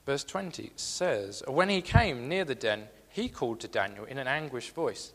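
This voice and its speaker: Guy preaching a sermon, middle pitch, earnest and repeats himself, big echoey church hall. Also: expressive, normal speed, hardly any pauses. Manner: earnest, repeats key phrases, reads scripture aloud.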